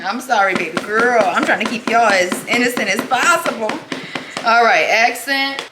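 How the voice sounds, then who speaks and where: A pregnant woman talks through her cooking in a home kitchen, chatty and casual, calling her viewers "girl" and "y'all." Her pitch sits in an ordinary middle range. The recording carries clear background noise and clicking. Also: a little fast. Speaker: vlogger. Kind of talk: casual chat while cooking.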